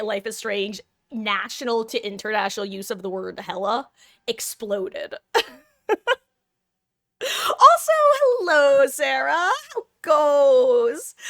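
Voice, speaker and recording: A young Southern California woman with a fairly high, somewhat bright voice streams and chats with her viewers. She rambles, makes fun of herself, and swears casually. The audio is dry and studio quality.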